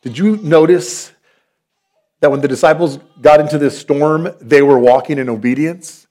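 A man's voice: fairly high pitch, normal speed, warm tone. A man, preaching a sermon as a pastor in an earnest, conversational, storytelling manner.

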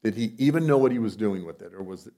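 A male preacher giving a sermon in a conversational way, with rhetorical questions, moving between loud emphatic lines and soft low asides. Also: lively intonation, fast.

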